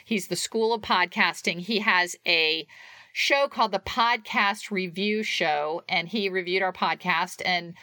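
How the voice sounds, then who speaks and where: A woman's voice: fairly low pitch, unhurried, bright, forceful tone, no room sound. A woman co-hosting a podcast in casual chat, chatty and often laughing. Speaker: podcast co-host.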